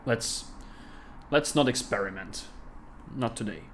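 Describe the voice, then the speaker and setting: A man with a Russian accent, a game developer thinking aloud with many pauses and fillers as he plays on a casual livestream. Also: medium pitch, animated, a bit bright, a little hiss or hum. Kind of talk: casual livestream gameplay commentary.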